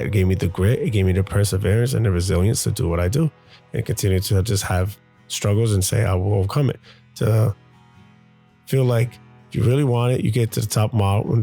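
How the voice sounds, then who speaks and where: A man's voice: lowish voice, fairly quick, gravelly, dark tone, husky, soft background music. A man, a father hosting his own show, speaking in a candid, confessional monologue that halts and repeats as he gathers his thoughts.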